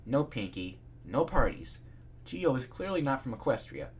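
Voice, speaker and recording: A man's voice: mid-range voice, very animated, normal speed, vocal fry, breathy edge, exaggerated voice. A man reading fan fiction aloud, voicing a studious young female unicorn who explains things in a matter-of-fact way.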